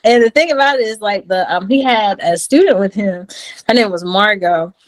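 A woman's voice: moderate pace, low-quality recording. Woman, 30s, podcast guest, chatty storyteller who acts out the quotes. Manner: animated, acts out quotes in a high voice. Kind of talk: casual storytelling.

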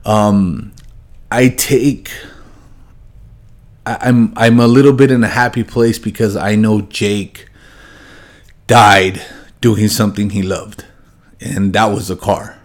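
A young man with a somewhat low voice talks haltingly, full of pauses and restarts. He is choked up and subdued, his voice sinking quieter on the hardest parts. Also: steady tone. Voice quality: halting, many fillers and restarts. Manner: subdued and heavy, voice dropping low when grieving. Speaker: car shop owner. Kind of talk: emotional personal remembrance to viewers.

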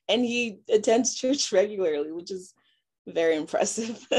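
A young woman from Nigeria, giving a halting personal testimony full of fillers and restarts. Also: mid-range voice, lively intonation, darkish tone, slightly rough. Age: young adult. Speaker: interviewee.

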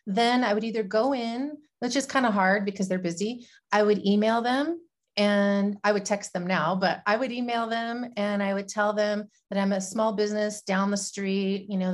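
A woman's voice: mid-range voice, steady tone, moderate pace. A woman guest in a casual interview, talking about her small business in a plain, matter-of-fact way.

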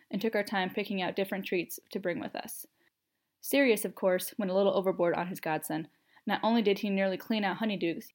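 A woman narrating a first-person story in an expressive, steady reading. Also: medium pitch.

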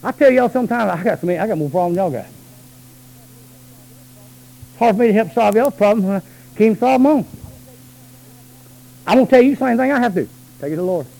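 A man preaching a sermon, moving between low, quick asides and high, drawn-out shouted calls. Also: expressive, gravelly, poor audio.

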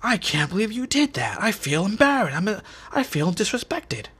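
A man's voice: high voice, big pitch swings, normal speed, fairly bright tone, slightly rough, pitched above the performer's own voice, heavily acted. A man voicing a stunned, embarrassed male school principal who complains indignantly.

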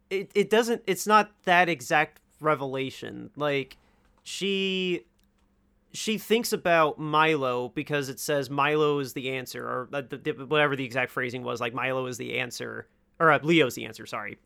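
A man chatting about a movie he loved, enthusiastic and quick to laugh. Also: fairly high pitch, vocal fry, bright, forceful tone, clear, resonant tone. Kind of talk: casual movie review chat.

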